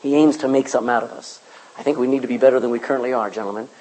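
Man, pastor, sermon, husky voice, church. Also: mid-range voice, very fast, poor audio. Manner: preaching with animated rises and soft drops.

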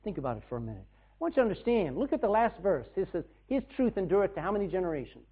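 A man preaching a sermon to his church in a folksy way, swinging between loud bursts and soft asides. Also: high-pitched, sing-song, very fast, slightly rough. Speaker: pastor. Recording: tinny, phone-like band.

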